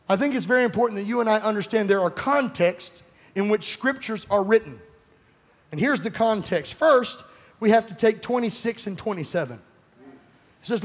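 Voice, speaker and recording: A male pastor preaching a sermon, fervent and conversational, rising to shouts and speaking directly to his congregation. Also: high-pitched, normal speed.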